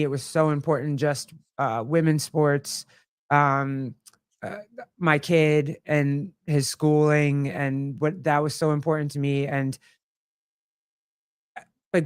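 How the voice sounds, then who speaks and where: A man talks casually on a podcast in a sincere, halting way. His voice is slightly high for a man, smooth and resonant. The sound is dry and close. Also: dry recording. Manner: hesitant, filler-heavy, earnest. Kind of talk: casual chat.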